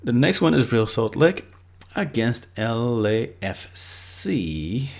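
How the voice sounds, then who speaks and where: A man's voice: medium pitch, very animated, takes it slowly, creaky, a little mellow. A man giving casual, unscripted football predictions, rambling loosely and leaning on lots of filler words. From Ireland.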